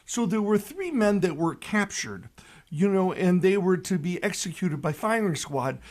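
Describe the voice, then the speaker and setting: A high-pitched man in his sixties with a lilt talks on the radio as a pastor. He tells his stories with animation and raises his voice sharply for the punchlines. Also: normal speed. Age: 60s. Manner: animated storyteller who shouts the punchlines. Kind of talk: radio reflection and joke telling.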